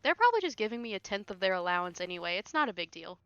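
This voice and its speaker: A woman's voice: medium pitch, very animated, racing, pushed and bright, smooth, no room sound, dull audio, soft background music. A woman casually commenting on a video game she plays, teasing and wry, laughing often. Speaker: game streamer. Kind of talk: casual let's-play commentary.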